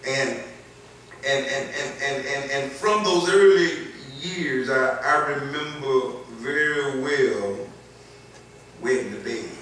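A man's voice: mid-range voice, takes it slowly, fairly bright tone, slight background noise. A male pastor with a Southern accent preaching a sermon, scattering amens and building to emphatic lines. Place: church sanctuary. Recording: echoey church, heard from far off.

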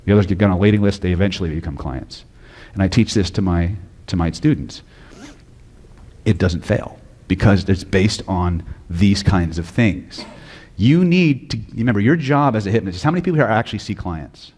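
A man's voice: deep voice, expressive, moderate pace, a little mellow, big-room sound. A man teaching hypnosis at a live seminar, blunt and profane, often quizzing the audience. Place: lecture hall with audience.

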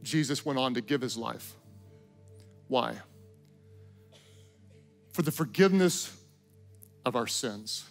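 A man preaching a sermon, swinging between loud emphatic declarations and hushed, intimate tones. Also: medium pitch, lively intonation, slow pace, vocal fry, pauses often, soft background music. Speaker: pastor.

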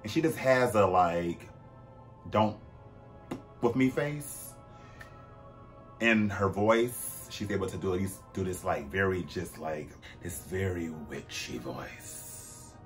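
A man hosting a vlog in casual, chatty commentary. He talks animatedly, with swooping pitch, sudden loud bursts and frequent fillers. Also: slow pace, long pauses, soft background music. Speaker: vlog host.

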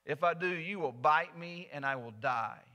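A wary young warrior speaks firmly and refuses to be swayed, with a man voicing him. His voice is slightly high and bright, in a sermon fable. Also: normal speed. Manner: firm, refusing. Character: wary young male warrior, firm and cautious.

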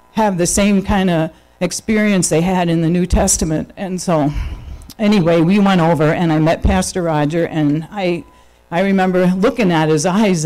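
A woman's voice: fairly low pitch, warm tone, rough recording. A woman with a New York accent giving a chatty personal testimony at a church service, telling her story with lots of fillers and restarts. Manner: chatty, storytelling, full of fillers and self-corrections.

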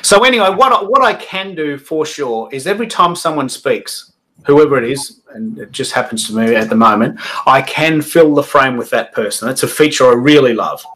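A man's voice: mid-range voice, expressive, normal speed, fairly bright tone, low-quality recording. A man hosting a casual online panel over a video call, chatty and self-deprecating, restarting his sentences often. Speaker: livestream host.

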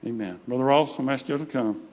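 A man's voice: medium pitch, fast, darkish tone. A man preaching a sermon, telling stories plainly and acting out the voices he quotes. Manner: plain storytelling, acts out quoted voices, repeats phrases. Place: church sanctuary. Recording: long hall reverb.

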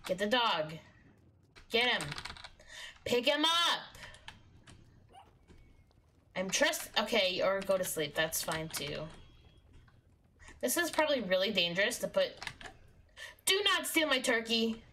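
A young woman streaming a video game, exasperated with her in-game companion, jumping between shrieks and low mutters. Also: big pitch swings, takes it slowly, long pauses, sharp tone, a little hiss or hum. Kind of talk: live game commentary.

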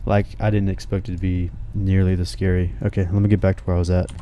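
A man's voice: low-pitched, little pitch movement, quick pace, warm tone, a little hiss or hum. A young man commentating a horror game as he plays, jumpy and swearing, whispering when scared and talking to the characters. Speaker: gaming streamer.

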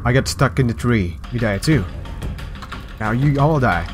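A man hosting a game video, reacting with excitable, profane outbursts. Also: mid-range voice, normal speed, over music. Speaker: gaming video host. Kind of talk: let's play commentary.

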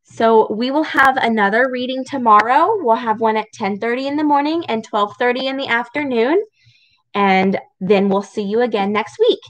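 A woman reading a picture book aloud to children, slow, expressive and encouraging. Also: on the high side, no room sound, poor audio. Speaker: storybook reader for children.

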